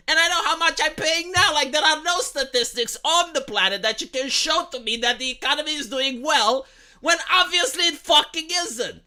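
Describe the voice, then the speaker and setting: Bright-voiced, profane ranting man. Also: extremely high pitch, lively intonation, normal speed. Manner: profane, heated, stammers and repeats words; argumentative, asks rhetorical questions. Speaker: live streamer. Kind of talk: casual political rant on a live stream.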